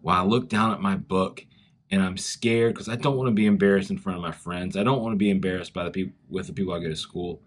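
A man with a Southern US accent, from South Carolina, giving a chapel talk to schoolchildren and telling a story in an animated way straight to the kids. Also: deep voice, fast talker. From South Carolina, USA. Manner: animated storytelling, speaks directly to children.

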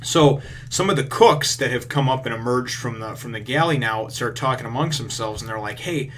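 A man's voice: mid-range voice, fairly quick, slight background noise. Rambling man recapping a comic chapter. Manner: rambling, filler-heavy, swears freely; gets excited retelling action. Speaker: manga review host.

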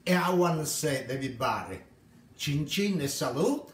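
A man's voice: a little high, lively intonation, moderate pace, roomy sound. A man from Italy with an Italian accent, chatting cheerfully in broken English while he makes a drink on a live cooking stream. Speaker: home cook host.

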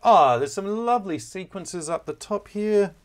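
A man explaining a musical score in a relaxed, chatty way, often pausing with fillers and correcting himself as he goes. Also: high-pitched. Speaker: music teacher. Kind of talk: casual score walkthrough.

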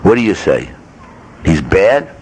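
A man's voice: deep voice, very animated, slow, darkish tone, slight background noise. A man, a rabbi teaching a Torah class at a yeshiva, speaking emphatically, firing rhetorical questions and mixing Hebrew terms into his English. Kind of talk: Torah lecture. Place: yeshiva study hall.

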